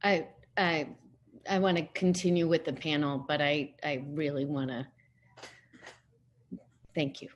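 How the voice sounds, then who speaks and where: A woman chairing a council hearing over a remote video call, speaking softly and hesitantly. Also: sits low, flat delivery, a little slow, pauses often, muffled recording. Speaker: committee chair.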